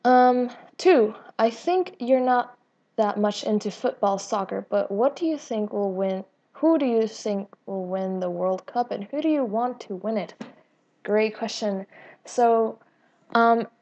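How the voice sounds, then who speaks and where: A woman's voice: a little high, animated, a little slow, warm tone, highs cut off. Rambling, giggly young woman vlogging. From Latina, grown up in the US. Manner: chatty and rambling, with frequent fillers and restarts; self-deprecating and giggly. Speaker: YouTube gaming channel host. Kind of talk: casual Q&A vlog.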